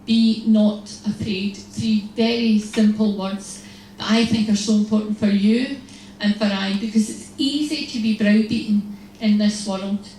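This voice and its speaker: A religious sister giving a humorous, storytelling talk to an audience, acting out little exchanges. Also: female voice, medium pitch, fairly even intonation, a little slow, dark tone. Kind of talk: lively faith talk to an audience. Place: large hall. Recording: echoey hall, distant mic, faint noise.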